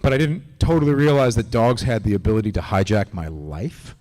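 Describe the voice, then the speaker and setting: A man as a convention panel guest, telling animated, rambling stories with lots of restarts. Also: lowish voice, fairly quick. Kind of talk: casual storytelling on a live panel. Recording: long hall reverb.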